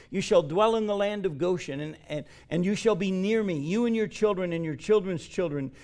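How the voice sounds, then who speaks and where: Man, pastor, sermon, earnest, slightly high voice, builds up for emphasis. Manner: earnest, rises in pitch and volume for emphasis. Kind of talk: sermon with scripture reading.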